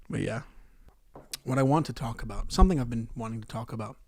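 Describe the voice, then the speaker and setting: A man hosting a comedy podcast, delivering a profane ranting monologue that swings between loud outbursts and muttered asides. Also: mid-range voice.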